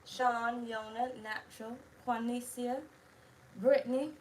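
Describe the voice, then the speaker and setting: Higher-voiced lady reading tarot, blunt and cussing, bit of hiss behind. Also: level tone, slow pace. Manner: blunt, profane, chatty. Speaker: tarot reader. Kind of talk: casual tarot video chat.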